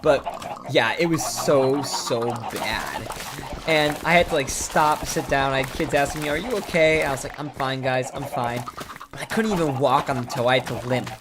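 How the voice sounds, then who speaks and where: A man's voice: medium pitch, normal speed. A man streaming, telling a long rambling story while he plays, full of "like" fillers and restarts. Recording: noisy home stream mic with clicks.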